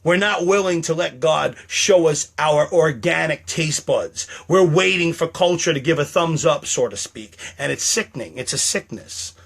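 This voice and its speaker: A man's voice: fairly high pitch, moderate pace, vocal fry, few pauses, a bit bright. A middle-aged man talking alone on a live stream, rambling and defensive, repeating himself and insisting he is not mad. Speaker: livestreamer.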